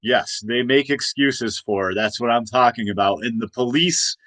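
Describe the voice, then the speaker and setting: Male host, forties, agitated monologue, lots of false starts, mid pitch, dead-dry room. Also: moderate pace, a bit bright, no room sound, poor audio. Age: 40s. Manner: rambling, repetitive, agitated, many restarts. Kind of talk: late-night ranting monologue.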